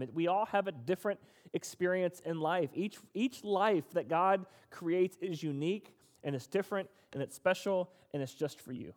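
A man's voice: sits high, expressive, normal speed, hardly any pauses, darkish tone. A man preaching a conversational sermon who acts out quoted complaints in a raised voice. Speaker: pastor. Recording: long hall reverb.

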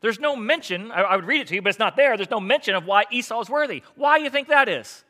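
A man preaching a sermon, telling the story in a lively, conversational way and acting out the characters' lines. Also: high-pitched, fast. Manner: animated storytelling with acted-out quotes. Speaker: pastor.

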